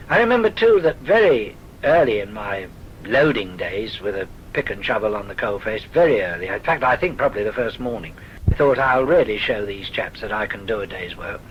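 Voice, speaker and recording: An older man from the south of England, genteel and wry with a southern English accent, shares his memories for a recorded oral history. His medium-pitched voice is fairly bright, though the recording is muffled with slight background noise.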